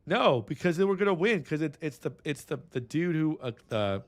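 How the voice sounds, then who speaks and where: A man's voice: a little high, animated, brisk, dry recording. A man from San Antonio, chatting casually on a livestream in a rambling, restless way, swearing freely. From San Antonio, Texas. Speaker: streamer. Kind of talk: casual stream chat.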